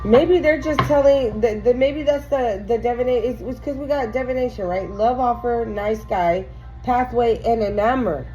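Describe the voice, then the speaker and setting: A woman with a slightly high, warm voice gives a casual tarot reading for her viewers, recorded lo-fi with faint music behind her. She is emphatic and profane, drawing her words out slowly.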